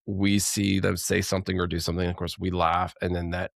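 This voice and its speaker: A man's voice: low voice, flat delivery, fairly quick, creaky, no room sound, clean studio sound. A man co-hosting a podcast in casual, reflective chat that rambles a little and often breaks into laughter. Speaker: podcast co-host.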